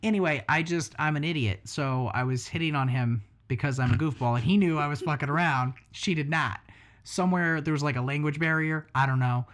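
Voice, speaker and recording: A man's voice: a little high, brisk, a bit bright. A man hosting a podcast in casual chat, joking and rambling with lots of swearing. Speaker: podcast host.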